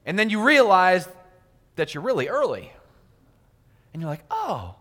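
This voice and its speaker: A man's voice: high voice, huge pitch swings, unhurried, a bit bright. A man giving a sermon in a church, acting out little everyday scenes with quoted voices. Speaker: preacher. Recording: long hall reverb.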